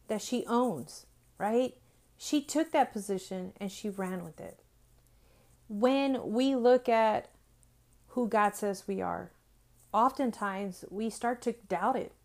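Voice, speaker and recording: A woman in her forties giving an earnest faith-based motivational talk, repeating phrases and often asking "right?". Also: a little high. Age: 40s. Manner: earnest, repetitive, with frequent "right?" tag questions. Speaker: Christian speaker.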